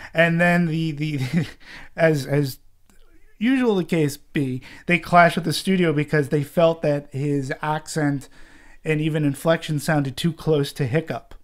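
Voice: mid-range voice, measured pace. A co-host in a casual movie discussion who thinks aloud, hesitating and repeating words. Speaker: podcast co-host.

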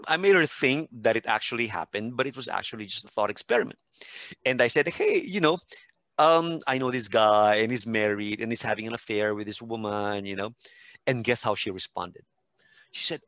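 On a podcast, a man who is a teacher and expert tells stories in casual conversation, animatedly acting out what people said. His voice is mid-range, with no room sound.

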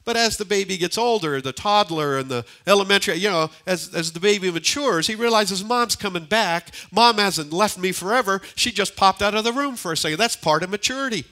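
An older man preaching a sermon as pastor, swinging between emphatic lines and hushed near-whispers and repeating key phrases. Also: sits high, expressive, a little fast, hardly any pauses. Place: church sanctuary.

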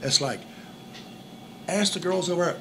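Sharp-toned and high-voiced with some vocal fry, this man speaks at a moderate pace while co-hosting a casual, joking talk about dating. His dating tips ramble, peppered with repeated "and all" and "it's like." Background noise is present.

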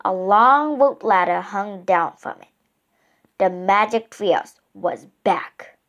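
Woman narrator for a children's storybook, slow and unhurried, expressive. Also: mid-range voice, lo-fi sound.

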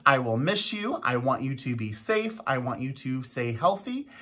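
Bright-voiced principal coaxing young kids. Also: mid-range voice, sing-song, moderate pace. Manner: coaxing, teacherly address to young children; repeats pleas and instructions for emphasis. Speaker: elementary school principal. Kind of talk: morning school announcements.

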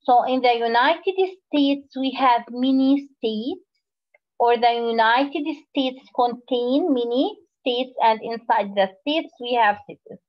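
A woman teaching a phonics lesson to young children, explaining slowly and repeating words. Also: a little high, muffled recording. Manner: slow, drawn-out teacherly explaining with repetition.

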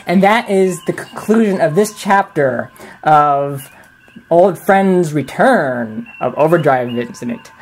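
A woman's voice: low voice, lively intonation, slow pace, poor audio. Woman casually narrating a fan story. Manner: casual reading with stumbles. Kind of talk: reading a fan audio story.

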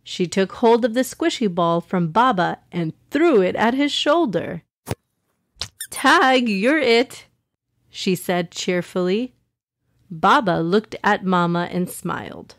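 Slow, gentle woman storyteller. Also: lowish voice, dry recording, clean studio sound. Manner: gentle and expressive. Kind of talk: children's story narration.

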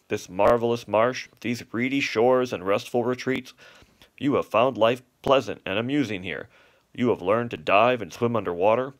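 A pompous, long-winded father swan, as a man reads him. He lectures in grand, flowery speeches at an ordinary mid pitch, like a bedtime story read aloud. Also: lightly acted.

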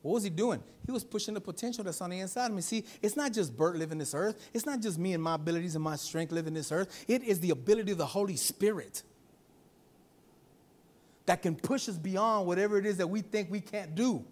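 A male pastor preaching at a church service, swinging from loud exhortation to softer speech and calling out to the congregation for a response. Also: sits high, a little fast. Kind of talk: sermon.

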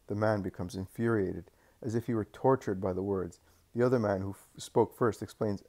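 A man reading a religious story aloud as narrator, steady with small self-corrections. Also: fairly low pitch, normal speed.

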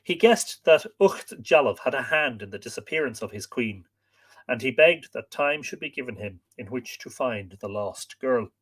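A man's voice: mid-range voice, animated, moderate pace, breathy edge. A man, host of a live stream, reading an old story aloud and chatting with viewers between passages.

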